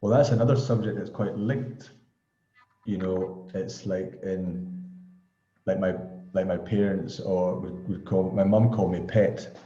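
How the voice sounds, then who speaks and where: A man's voice: deep voice, steady tone, a little slow, mellow. A Scottish man in casual chat on a video call, reflective and rambling, chuckling often. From Scotland. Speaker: study group participant. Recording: echoey, dull lo-fi room audio.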